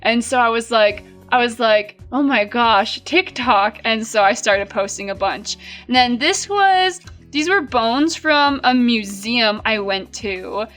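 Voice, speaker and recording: A young woman in her twenties talks casually to her viewers, rambling and full of fillers. Her voice sits a little high and sounds very bright and clear. Soft music plays faintly behind her. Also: expressive, slow, hardly any pauses. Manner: chatty, rambling, lots of fillers. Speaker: vlogger. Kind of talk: casual chat.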